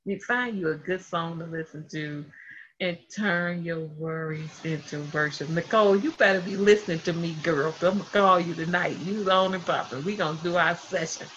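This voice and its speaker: A woman hosting a casual faith talk, telling family stories in an animated way and laughing often. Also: lowish voice, moderate pace, a little hiss or hum. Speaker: host of a faith livestream. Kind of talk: casual devotional chat. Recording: dull lo-fi sound.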